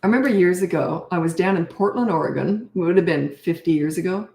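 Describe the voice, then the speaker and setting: On a live stream with roomy echo, an older Canadian parenting coach chats casually, rambling through stories and laughing frequently. Her voice is on the low side and a little mellow, and she talks at a quick pace.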